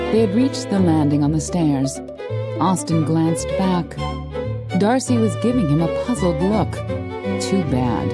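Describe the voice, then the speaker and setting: A woman narrating a romance audiobook in a measured, even storytelling manner. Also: lowish voice, over loud music. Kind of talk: scripted narration.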